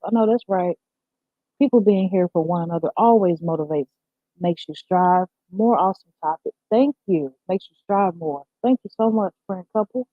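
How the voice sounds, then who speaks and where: A woman's voice: lowish voice, normal speed, dry recording. Upbeat woman livestreaming through a tinny, phone-like mic. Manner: upbeat, talks straight to viewers and reads their comments aloud. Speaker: livestream host. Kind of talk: casual morning livestream chat.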